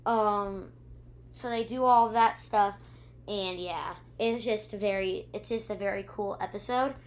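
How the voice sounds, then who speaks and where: A woman's voice: medium pitch, a little slow. A young woman recapping a show's episodes in a rambling, casual way, with many ums, acting out characters' lines and humming sound effects. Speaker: YouTube reviewer. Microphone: own camera.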